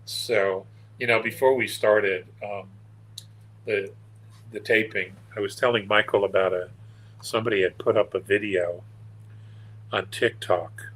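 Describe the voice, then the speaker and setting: A man's voice: on the low side, fairly even intonation, unhurried, pauses often, fairly bright tone, low-quality recording. An older man, a guest on an interview show, telling stories in a meandering, earnest and wry way. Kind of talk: casual storytelling interview.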